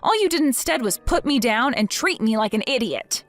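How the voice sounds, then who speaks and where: A woman acts out a cold, taunting young wife from a text-message story drama. She speaks with a fairly high voice and a sarcastic, mocking edge. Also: animated, normal speed, fairly bright tone, faint music behind.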